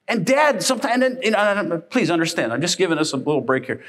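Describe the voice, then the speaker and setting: A man preaching a sermon to a congregation, telling lively everyday stories and acting out the people in them. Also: high-pitched, fast, few pauses, breathy edge. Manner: animated storytelling, acting out family members. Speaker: pastor.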